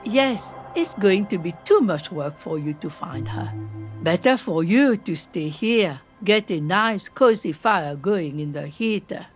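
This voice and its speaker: An actress voicing a weary woman from the coast who protects a friend and talks slowly and guardedly. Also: on the low side, animated, faint music behind. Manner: slow and guarded, pleading.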